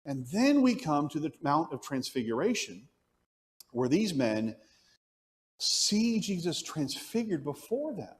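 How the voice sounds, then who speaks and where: A man's voice: fairly high pitch, measured pace, big-room sound. A man teaching an adult Bible class at church, asking the class questions as he goes. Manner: animated, asks the class questions.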